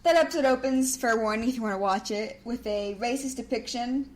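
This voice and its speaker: A woman's voice: fairly high pitch, fairly quick, darkish tone. A woman co-hosting a podcast, recapping a cartoon in chatty, giggly casual talk. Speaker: podcast co-host.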